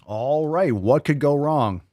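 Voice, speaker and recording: A man's voice: fairly high pitch, expressive, slow pace, dark tone, dry recording. Crude, mocking podcast host man. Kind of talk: livestream podcast chat.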